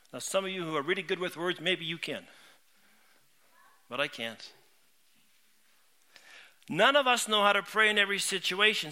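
A middle-aged pastor preaching from the pulpit, earnest and heartfelt, circling back on his words as he tells personal stories. His voice sits high for a man, with a bright, sharp, piercing edge. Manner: earnest, heartfelt storytelling with frequent word repeats. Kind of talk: sermon.

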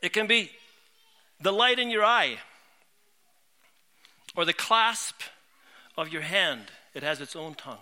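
A middle-aged pastor preaching from the pulpit, earnest and heartfelt, circling back on his words as he tells personal stories. His voice sits high for a man, with a bright, sharp, piercing edge. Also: lively intonation, slow, long pauses. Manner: earnest, heartfelt storytelling with frequent word repeats. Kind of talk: sermon.

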